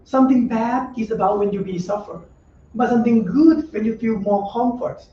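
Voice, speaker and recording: Middle-aged male monk, high mellow voice, gentle, plain-spoken dharma talk, distant and echoey. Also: normal speed, slight background noise. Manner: simple, repetitive phrasing with frequent rhetorical checks; gentle, conversational advice. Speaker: Buddhist monk teacher. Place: meditation center room. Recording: roomy echo, distant dull lo-fi mic.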